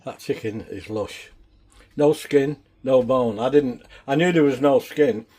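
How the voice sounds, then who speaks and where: A man's voice: medium pitch, measured pace, dark tone, breathy edge. A man, chatting casually in a home cooking vlog, rambling and down to earth. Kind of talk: casual chat.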